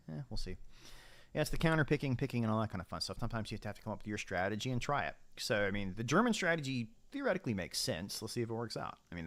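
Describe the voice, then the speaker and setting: A man's voice: fairly low pitch, a bit bright. A man giving casual gameplay commentary as a streamer, chatty and thinking aloud while he sets up his army. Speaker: game streamer.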